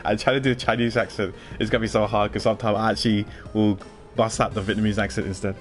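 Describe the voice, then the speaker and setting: A man streaming a game, commenting between scenes with quick, laughing asides. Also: lowish voice, level tone, soft background music. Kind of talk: let's-play commentary.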